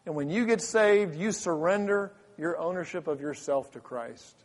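A man's voice: on the high side, expressive, moderate pace. A man preaching a sermon as pastor in a church, fervent and full of repeated restarts. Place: church sanctuary. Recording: long hall reverb.

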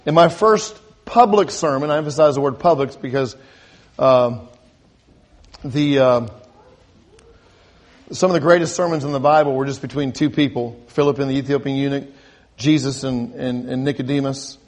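A man's voice: mid-range voice, moderate pace, pauses often. A man preaching a sermon, asking his listeners questions and building to emphatic peaks, with frequent restarts and repeated words. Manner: rising to emphatic crescendos, asks the congregation questions.

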